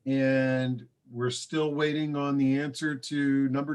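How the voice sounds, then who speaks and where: A man's voice: mid-range voice, flat delivery, takes it slowly, a little mellow, clear, resonant tone. A man co-hosting an online party and reading quiz answers, friendly and hesitant, with many fillers. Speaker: co-host running the slideshow and quiz. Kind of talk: casual hosting on a video call. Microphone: video call.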